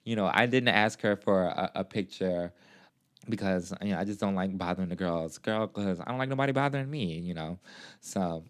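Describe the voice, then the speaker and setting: Gushing, chatty man with a lowish voice. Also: normal speed, clear, resonant tone, soft background music. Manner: gushing, animated storytelling with lots of fillers; playful, sassy asides. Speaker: vlogger. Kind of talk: casual vlog recap.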